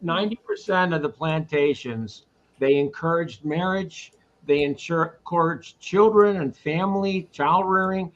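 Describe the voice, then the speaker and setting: A man's voice: a little high, measured pace, dull audio. A man hosting a casual live-stream talk who rambles, repeats himself and speaks his mind, from Boston. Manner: rambling, opinionated, repeats words. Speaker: host.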